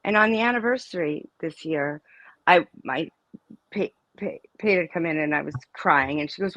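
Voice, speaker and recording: A woman's voice: sits low, normal speed, a bit bright, no echo, rough recording. Emphatic middle-aged woman, dry close sound. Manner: emphatic, storytelling, with many restarts. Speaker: interview guest, mother of a student. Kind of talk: casual interview conversation.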